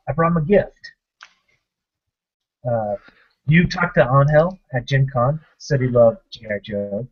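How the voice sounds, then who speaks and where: A young man casually telling a funny story from a gaming convention, acting out the quotes as co-host of a tabletop gaming show. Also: mid-range voice. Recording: dull lo-fi webcast audio.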